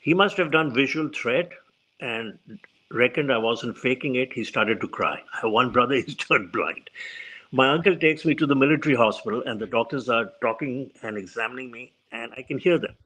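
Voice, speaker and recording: A man in his seventies tells stories as an interview guest, and his voice rings bright and forward. He acts out the people he quotes and shifts his tone with each one. He speaks at a mid pitch, typical for a man. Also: normal speed, low-quality recording. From India. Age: 70s. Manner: animated storyteller who acts out quoted voices. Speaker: guest physician. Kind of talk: storytelling in an interview.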